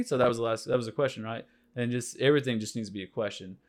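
A man in a casual podcast chat, telling a story with lively energy and playing with silly accents. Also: mid-range voice, very fast, hardly any pauses. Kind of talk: casual banter.

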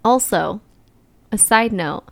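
A woman's voice: mid-range voice, lively intonation, slow pace, gravelly, a bit bright. A young woman co-hosting a podcast, chatty and easygoing, sharing everyday anecdotes. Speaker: podcast co-host. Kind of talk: casual chat.

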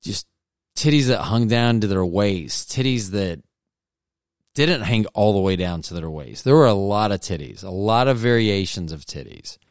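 A man's voice: fairly low pitch, animated, normal speed, clean tone, dry recording, studio quality. A man hosting a podcast, telling a casual comedic story in a rambling way, often breaking off and restarting his sentences. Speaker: podcast host.

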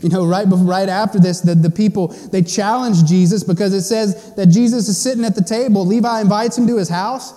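A man preaching a sermon to his church, swinging between loud passionate stretches and hushed, quiet ones. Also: on the high side, fairly even intonation, brisk, in a large hall. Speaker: pastor.

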